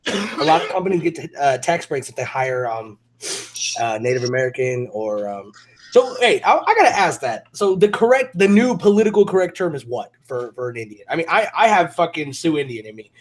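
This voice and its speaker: A man's voice: fairly high pitch, fairly quick. A man co-hosting a casual talk show, telling stories animatedly and swearing a lot. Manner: animated storyteller, swears a lot, acts out voices. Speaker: podcast co-host. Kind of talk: casual chat.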